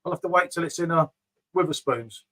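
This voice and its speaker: A man's voice: a little high, fairly quick, bright, forceful tone, rough recording. A middle-aged man rambling casually about beer on a live stream, often calling viewers mate. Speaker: beer vlogger reading live chat.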